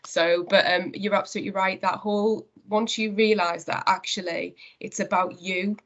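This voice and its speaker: Woman with a regional british accent, middle-aged, candid interview talk, halting restarts, a bit dull lo-fi sound. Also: medium pitch, steady tone, fairly bright tone. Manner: frank, halting, with many restarts. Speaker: managing director, interview guest.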